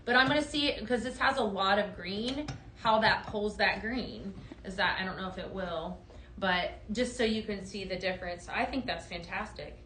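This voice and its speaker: A woman's voice: mid-range voice, normal speed, echoey room, a crowd in the background. A woman hosting a live home-decor sales stream, gushing over products in an upbeat way and talking straight to viewers. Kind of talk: live product demo chat.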